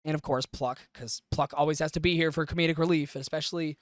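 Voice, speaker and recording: A podcast host recaps an anime in a loose, profane, chatty style with lots of fillers, making for a casual review. His voice is a little high with fairly even intonation, and he talks fast on a studio-quality recording with no room sound.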